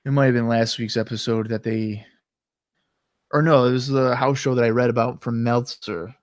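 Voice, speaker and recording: A man's voice: medium pitch, steady tone, normal speed, no echo. Male podcast co-host, casual and chatty, mid-range voice, throat catching, very dry sound. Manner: chatty, loose, trails off at sentence ends. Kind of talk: casual chat recapping wrestling.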